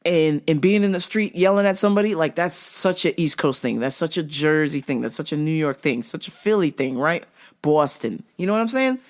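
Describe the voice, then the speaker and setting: Animated storytelling woman. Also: sits low, brisk. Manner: animated, swears freely, acts out voices. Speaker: show host. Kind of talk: casual storytelling.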